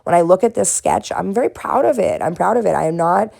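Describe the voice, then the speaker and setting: A woman with a faint Boston accent talks through her painting in a low, mellow, gravelly voice. She reflects gently and encourages her viewers, and laughs at herself now and then. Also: brisk. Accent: faint Boston, mostly smoothed out. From Boston area. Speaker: art vlogger and therapist. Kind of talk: casual reflective talk while painting.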